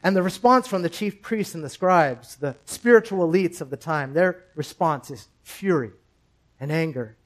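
A man preaching a sermon as pastor, speaking in a measured, rhetorical way with repeated phrases and questions. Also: a little high, expressive, low-quality recording.

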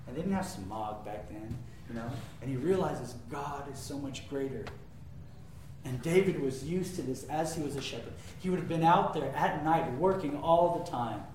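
Man, preacher, emphatic sermon, loud and soft swings, rhetorical questions, distant mic, faint background noise. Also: fairly high pitch. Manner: emphatic preaching that swings between loud declarations and hushed asides; asks the audience rhetorical questions. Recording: very echoey room, mic far off.

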